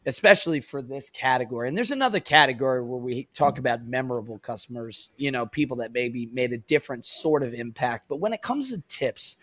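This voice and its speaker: A man's voice: medium pitch, expressive, fairly quick, few pauses, fairly bright tone, no room sound. A man in his thirties hosting a podcast in a casual, rambling, chatty way, swearing now and then. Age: 30s. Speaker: podcast host. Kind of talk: casual chat.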